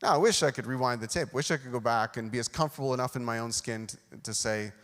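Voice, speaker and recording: A man's voice: medium pitch, fast talker, few pauses, a bit bright. A man preaching a sermon, telling a self-deprecating personal story and acting out the dialogue. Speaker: pastor. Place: church sanctuary. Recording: long hall reverb.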